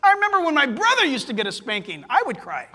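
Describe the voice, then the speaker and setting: High bright-voiced man preaching. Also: quick pace, slightly rough, long reverb tail. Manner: animated storytelling, swings into loud excited bursts. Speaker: pastor. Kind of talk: sermon.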